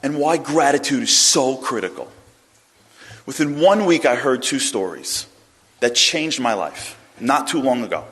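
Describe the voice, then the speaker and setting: A man's voice: medium pitch, lively intonation, unhurried, fairly bright tone. A man gives a dramatic inspirational talk, building his story with energy. His voice sits in the middle range. A long hall reverb hangs behind him. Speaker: inspirational speaker.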